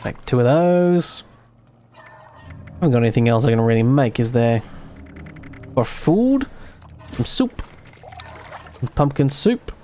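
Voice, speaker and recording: A man's voice: medium pitch, normal speed, pauses often, mellow. A man streaming a video game, thinking aloud in casual, self-mocking commentary.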